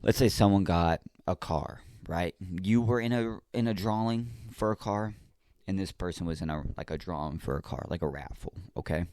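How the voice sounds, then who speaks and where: A man hosting a podcast, talking casually and straight to the listener in a relaxed, slangy monologue. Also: deep voice, moderate pace, no room sound, clean studio sound. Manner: laid-back, slangy, talks straight to the listener. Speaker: podcast host.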